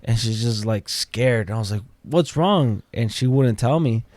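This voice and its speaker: A man's voice: fairly low pitch, steady tone, moderate pace, a little mellow, no room sound. A man guest on a podcast, telling a story casually and acting out the quotes, with swearing.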